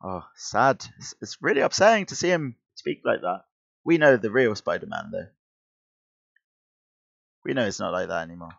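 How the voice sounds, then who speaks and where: A man's voice: fairly low pitch, very animated, normal speed, creaky, long pauses, highs cut off. A man reading a comic aloud with chatty, self-correcting asides. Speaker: comic reader. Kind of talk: casual comic-book reading with commentary.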